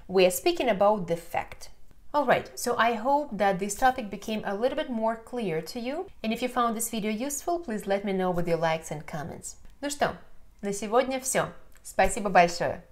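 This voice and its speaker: A woman's voice: fairly high pitch, animated, normal speed. A woman with a Russian accent, a native Russian speaker, explaining grammar patiently in an online lesson and often checking in with the learner. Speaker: language teacher.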